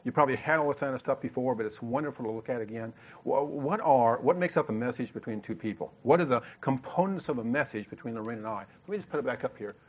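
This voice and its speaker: A man leading a church couples seminar on a handheld mic, talking quickly with frequent stammered restarts. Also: medium pitch. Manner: fast, repetitive, with stammered restarts. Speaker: marriage workshop leader. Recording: dull lo-fi sound.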